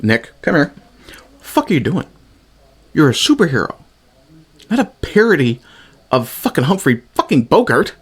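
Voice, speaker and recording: A man putting on a fed-up film director berating an actor, a little higher than his usual voice. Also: sing-song, normal speed, long pauses, breathy edge. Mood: exasperated. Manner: berating, incredulous.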